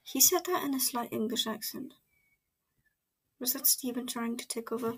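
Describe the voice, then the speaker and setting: A woman giving casual reaction commentary, excitable and rambling, full of fillers and exclamations. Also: fairly high pitch, normal speed, breathy edge. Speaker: reaction video host.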